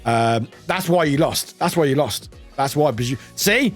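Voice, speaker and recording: Male streamer, high and very expressive, talkative and laughing, faint music behind. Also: moderate pace. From United Kingdom. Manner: animated and chatty, laughs often, exclaims loudly. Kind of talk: casual live-stream chat with viewers.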